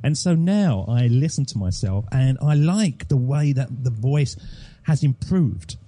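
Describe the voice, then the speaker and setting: A man's voice: mid-range voice, lively intonation, a little slow, mellow. A man from England, a podcast host, chatting in an interview with enthusiastic, emphatic storytelling. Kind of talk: casual interview chat.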